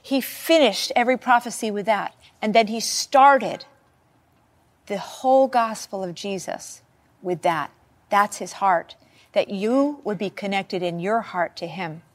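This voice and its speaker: A woman preaching a sermon, reading scripture and talking it through in a conversational, animated teaching manner. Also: mid-range voice, a little slow.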